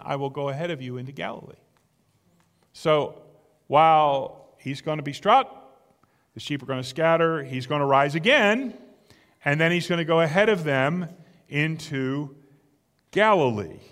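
A man's voice: on the high side, animated, moderate pace, long pauses, fairly bright tone, big-room sound. A man preaching a sermon in an emphatic, conversational way, asking his listeners rhetorical questions. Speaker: pastor.

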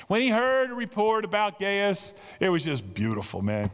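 A male pastor delivers a sermon with a lively, swooping delivery and a voice sitting a little high for a man. He leans hard on key phrases and climbs toward excited peaks. The sound carries the long reverb of a large church hall. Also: moderate pace, few pauses. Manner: animated and emphatic, building to excited peaks.

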